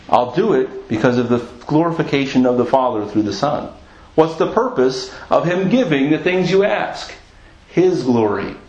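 A man's voice: mid-range voice, a little mellow. A man preaching a sermon as a pastor, earnest and repeating phrases for emphasis. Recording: echoey, dull lo-fi church recording.

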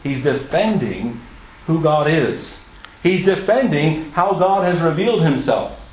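Earnest high-voiced preacher, echoey room. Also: male voice, lively intonation, a little slow, darkish tone. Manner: earnest, emphatic, asks the listeners questions; stumbles and repeats words mid-sentence. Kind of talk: sermon.

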